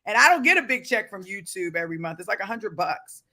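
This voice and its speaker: A man with a Baltimore accent hosting a motivational livestream, reading viewer comments aloud and breaking into fervent shouts. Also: high-pitched, very animated, fast. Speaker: livestream host.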